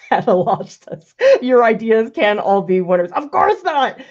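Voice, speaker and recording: A woman art professor paints live, casually thinking aloud, critiquing her own work and laughing often while answering viewer questions. Her fairly high voice swings widely in pitch and unhurried. The lo-fi recording sounds slightly dull.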